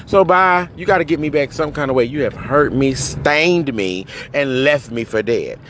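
A man crying and ranting in anger and hurt, swinging between yelling and low muttering, recorded outdoors near traffic. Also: lively intonation, normal speed. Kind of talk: emotional rant to camera.

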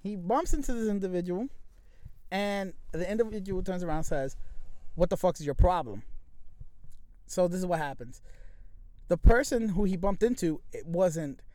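A man tells a story in loose podcast chat, swearing freely and acting out the people in it. His voice sits high for a man. The sound is dry and close, with no room in it. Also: normal speed, no room sound. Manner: animated, swears freely, acts out quoted voices. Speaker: podcast co-host.

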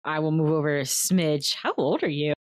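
Low-voiced woman playing a tabletop game. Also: moderate pace, dry recording, studio quality. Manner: blunt and playful. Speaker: player.

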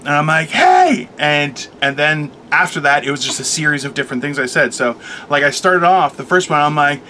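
Man, casual chat, bright slightly high voice, animated storyteller, faint hiss. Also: fairly quick. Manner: animated storyteller, acts out quotes, laughs often.

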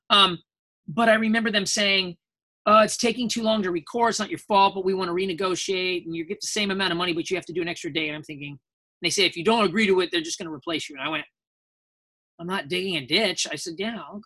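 A man talks as a guest voice actor in a relaxed interview. His voice is bright and forceful. He rambles through anecdotes and acts out the people he quotes. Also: high voice. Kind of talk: casual interview storytelling.

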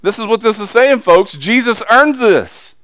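A man preaching a sermon as pastor, swinging from loud, emphatic lines to low, confiding asides. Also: lively intonation, a little slow, no echo, clean studio sound.

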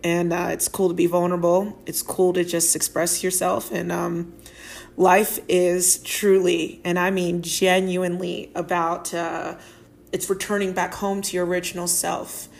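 A woman's voice: lowish voice, flat delivery, unhurried, gravelly. A woman hosting a solo podcast, talking earnestly in a rambling way with many fillers, emotional and tearing up while she laughs. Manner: emotional, tearful and laughing at once. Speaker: podcast host.

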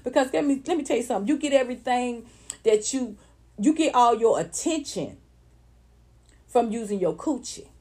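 A woman's voice: a little high, expressive, moderate pace, pauses often, darkish tone, slightly rough. A woman with ranting bluntly and with a lot of profanity, mocking others in put-on voices as she hosts casual online talk.

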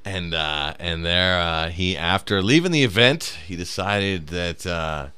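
A man's voice: low-pitched, measured pace, clear, resonant tone, dry recording. Guy telling a funny gig story, bouncy voice, laughs a lot. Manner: animated storyteller, laughs through punchlines. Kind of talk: casual storytelling chat.

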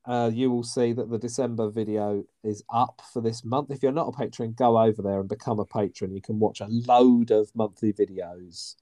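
A man co-hosting a podcast, with a mellow, warm tone. He is wry and teasing, and chats casually. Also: medium pitch. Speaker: podcast co-host. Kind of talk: casual chat.

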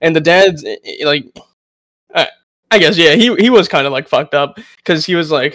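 A man's voice: on the high side, animated, moderate pace, a bit bright, no room sound. A man telling a rambling story in casual podcast chat, full of restarts.

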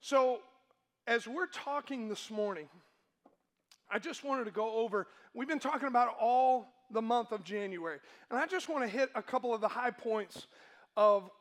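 A man's voice: very high-pitched, fairly bright tone. A male pastor preaching a sermon to his congregation, emphatic and asking them questions.

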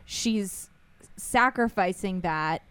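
A woman's voice: medium pitch, slow, fairly bright tone, clean tone, no room sound. A woman co-hosting a casual podcast chat, chatty and giggly, often trailing off mid-sentence. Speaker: podcast co-host.

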